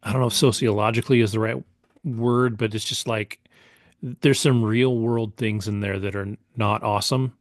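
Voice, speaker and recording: A man talks through a film review in loose, casual podcast chat, with plenty of fillers and restarts. His voice sits fairly low. The sound is dry and close, with no room around it. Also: fairly even intonation, normal speed, no room sound. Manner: rambling, many fillers and restarts. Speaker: podcast co-host.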